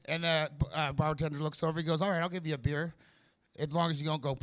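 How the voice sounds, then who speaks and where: In a vape shop that doubles as a small comedy venue, a man does a nervous amateur stand-up routine, his rambling jokes broken up by fillers and restarts. The voice is fairly high, level, fairly bright, and smooth.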